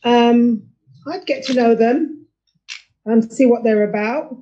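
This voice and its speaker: A woman's voice: on the high side, slow, mellow. A woman answering plainly and a little hesitantly in a casual discussion, repeating herself. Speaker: guest. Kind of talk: casual discussion on a video call. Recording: muffled lo-fi video call audio.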